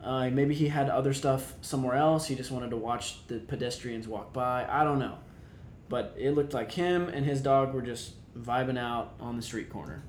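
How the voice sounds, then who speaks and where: Young man casually telling a rambling story. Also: moderate pace. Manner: rambling, many fillers, animated retelling. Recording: echoey room, faint rumble.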